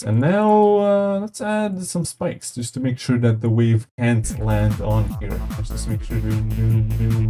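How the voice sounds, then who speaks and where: Male tutorial host, casual and upbeat, mellow tone, light music bed under the voice. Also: mid-range voice. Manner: chatty and upbeat, with lots of fillers and sound effects said aloud. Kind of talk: casual screen-recorded game editor tutorial.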